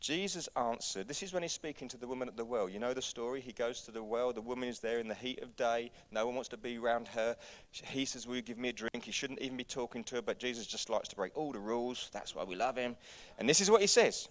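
A man preaching a sermon as pastor, urging his congregation on with rhetorical questions and swinging from hushed, low passages to shouted peaks. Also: fast talker.

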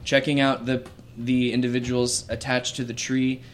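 Male game master, mid-range voice, relaxed descriptive narration. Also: mid-range voice, moderate pace, slight background noise.

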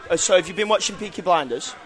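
Man, Lancashire accent, high voice, lively, playful accent teacher on radio. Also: fast talker. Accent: Lancashire English, a mix of Manchester and Scouse. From England. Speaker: pub owner, guest.

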